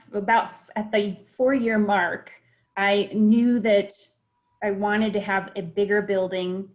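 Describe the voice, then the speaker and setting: A woman restaurant owner talks over a video call from her home office. She tells her story in a reflective way, with plenty of fillers and small restarts, and her voice sits at an ordinary middle pitch.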